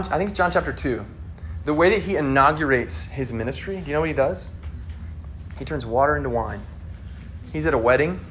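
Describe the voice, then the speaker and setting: A man's voice: fairly high pitch, a bit bright, slight background noise. A man preaching a sermon in a casual, conversational way, acting out the people he quotes. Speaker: pastor.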